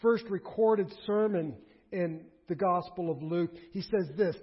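A man preaching a sermon in an earnest, exhorting manner, addressing his congregation directly. His voice is husky and a little high. The recording sounds dull and lo-fi. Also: moderate pace, big-room sound.

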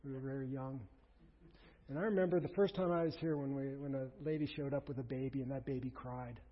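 A man preaching a sermon as pastor, conversational and animated, with asides and quoted voices. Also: medium pitch, fairly quick. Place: church sanctuary. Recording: dull sound with long reverb in a hall.

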